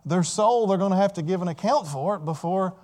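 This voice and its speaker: A man's voice: high-pitched, a little fast, warm tone. A man preaching a sermon with emphasis, repeating key phrases and putting questions to his listeners.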